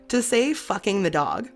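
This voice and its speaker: A woman's voice: medium pitch, fairly bright tone. A woman hosting a podcast in casual chat, self-mocking and laughing often. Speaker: podcast host.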